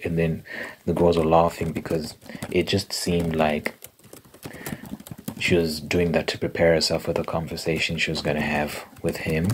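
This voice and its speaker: A young man telling a story in a soft-spoken ASMR style, casual and rambling with fillers. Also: rumbling low, completely flat delivery, moderate pace, background noise. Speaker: ASMR creator. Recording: keyboard clicking and typing sounds behind.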